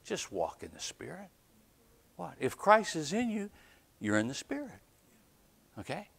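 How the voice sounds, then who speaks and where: A man preaching a storytelling sermon as a pastor, animated, often checking in with "right?" and laughing between lines. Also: fairly high pitch, a little slow, vocal fry, slightly rough. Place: church.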